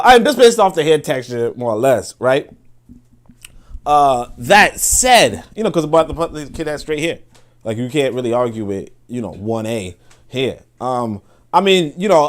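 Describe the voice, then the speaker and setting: A man hosting a live stream, rambling in casual commentary with lots of fillers and swearing. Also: mid-range voice.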